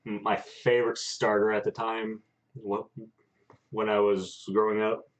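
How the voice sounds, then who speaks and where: A man co-hosting a casual chat, speaking haltingly with many pauses. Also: fairly low pitch, completely flat delivery. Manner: halting, many fillers and restarts. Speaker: co-host. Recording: dull lo-fi sound.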